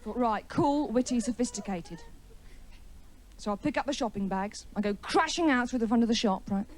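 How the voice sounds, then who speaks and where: A woman does stand-up in a TV studio, chatty and mocking. Her voice sits a little high and swings widely in pitch. A faint hiss from an old 1980s broadcast runs underneath. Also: expressive, moderate pace. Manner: wry, chatty, mocking, with a live audience laughing. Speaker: stand-up comedian. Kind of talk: stand-up comedy routine. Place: TV studio with a live audience.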